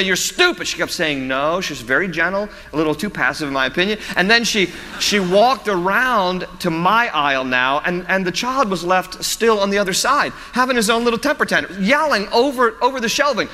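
A man's voice: high voice, expressive, brisk, hardly any pauses, bright, forceful tone, big-room sound. A man preaching a sermon as pastor, storytelling with humor and frequent chuckles.

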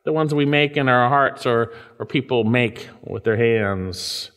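A man preaching a sermon, reading scripture slowly and with weight, swinging between raised, emphatic lines and low, hushed ones. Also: long reverb tail. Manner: reads scripture aloud with slow, weighty emphasis. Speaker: pastor.

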